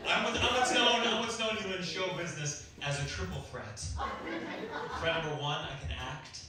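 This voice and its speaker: A young male comic at a handheld mic on stage, a dry and quick deadpan delivery with bursts of loud punchlines. His voice booms around a very echoey room, picked up from a distance with loud noise underneath. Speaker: stand-up comedian. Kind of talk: stand-up comedy set. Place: comedy club stage before a laughing audience. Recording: echoey club recording from far off, loud noise.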